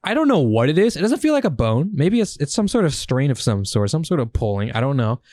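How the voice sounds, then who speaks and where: A young man co-hosting a casual podcast, swearing and telling stories in an animated way. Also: fairly high pitch, fast, no echo. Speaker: podcast co-host. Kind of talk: casual chat.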